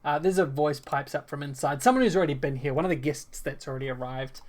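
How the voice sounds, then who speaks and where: Low-voiced woman game master. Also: animated, brisk. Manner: rambling, many fillers and self-corrections. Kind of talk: narrating a tabletop game.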